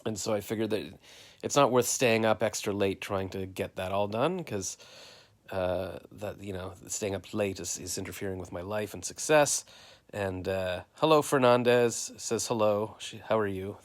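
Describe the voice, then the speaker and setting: A man's voice: lowish voice, steady tone, normal speed. A Canadian man rambling through a story of his day on a live stream, quoting everyone with "I'm like" and "he's like.". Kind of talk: casual live-stream chat.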